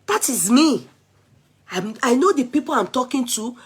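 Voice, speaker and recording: A Nigerian woman vlogger in an animated, chatty rant, switching freely between English, Yoruba and pidgin. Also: sits high, moderate pace, husky.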